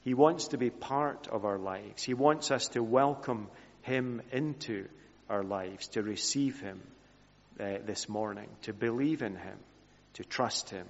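A man preaching a sermon in an earnest voice that sinks softly at the ends of his phrases. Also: medium pitch. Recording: reverberant hall, dull lo-fi sound.

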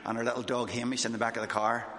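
A man from Northern Ireland with a Northern Irish accent, giving a fast, excitable church talk as a missionary speaker. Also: medium pitch, a little hiss or hum. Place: church hall. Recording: echoey church hall.

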